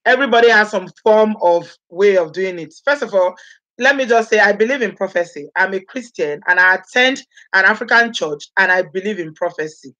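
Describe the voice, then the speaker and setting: A woman's voice: medium pitch, animated, brisk, a bit bright, muffled recording. A woman from Edo State with a Nigerian accent, chatting on a live vlog, greeting viewers by name and slipping into Pidgin. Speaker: vlogger host.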